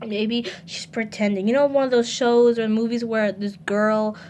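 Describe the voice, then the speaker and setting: A woman's voice: fairly high pitch, steady tone, moderate pace, darkish tone, a little hiss or hum. A woman vlogger telling a personal story to her viewers, earnest and close to tears, repeating herself as she speaks straight to them.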